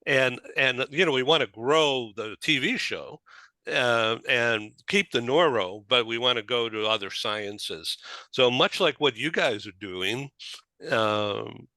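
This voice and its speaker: A man hosting a talk show in a loose, rambling way, with a Boston accent. His voice is bright and forward, and it sounds dry and close to the mic with no room echo. He talks at a middle pitch and restarts his sentences often. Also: slow pace. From Boston area, USA. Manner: rambling, chatty, many restarts. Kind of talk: casual chat.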